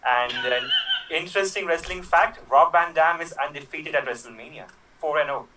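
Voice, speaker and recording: A man's voice: on the high side, normal speed, pushed and bright. A man from India on a video call, cheerfully introducing himself as a contestant. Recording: distant with clear background noise.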